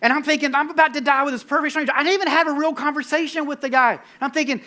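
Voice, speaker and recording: High, bright-voiced man telling a sermon story. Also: fast talker, hardly any pauses. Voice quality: bald-headed, bearded. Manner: animated, self-mocking, acts out his own panic. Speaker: pastor.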